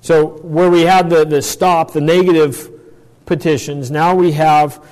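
A man's voice: a little high, fairly even intonation, unhurried, darkish tone. A man teaching a Bible passage as a pastor, thoughtful, often restarting and explaining phrase by phrase. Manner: thoughtful, with frequent restarts and asides. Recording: echoey hall with long reverb.

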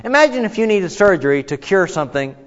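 A man's voice: high-pitched, big pitch swings, fast. A man teaching a Bible study in a conversational, emphatic way, often restarting his sentences. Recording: dull audio, long reverb in a hall.

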